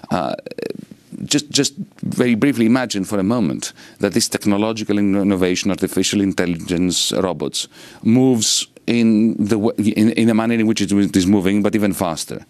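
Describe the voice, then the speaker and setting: A man's voice: low voice, a little mellow, no echo. A middle-aged man from Greece with a Greek accent, an economist answering interview questions in an expansive, lecturing way. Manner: expansive, lecturing with sweeping rhetoric. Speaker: economist and politician guest.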